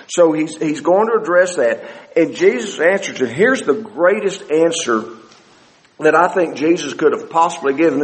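A man preaches a conversational sermon, his voice sitting a touch high. He stumbles and restarts often and slips into sarcastic asides. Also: poor audio.

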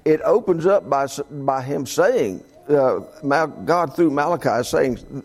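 A male Bible teacher talks through scripture with his class, restarting his sentences as he goes. His voice is gravelly and swings widely in pitch. He sits a little higher than most men. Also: expressive, measured pace, hardly any pauses, darkish tone. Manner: conversational, with frequent restarts.

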